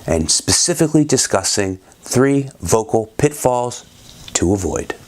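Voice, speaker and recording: A man hosting a scripted presentation, with a measured, formal delivery. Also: mid-range voice, lively intonation. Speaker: host.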